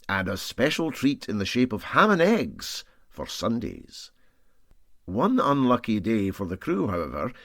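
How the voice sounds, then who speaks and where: A man reading a story aloud in a measured, expressive way. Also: medium pitch, no room sound, clean studio sound. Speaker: audiobook reader. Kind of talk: storybook narration.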